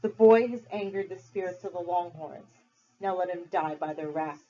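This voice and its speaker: A woman's voice: on the low side, steady tone, moderate pace, mellow, lightly acted. A woman voicing a scarred, stocky male clan leader who talks in a stern, commanding way. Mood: angry. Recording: dull lo-fi recording.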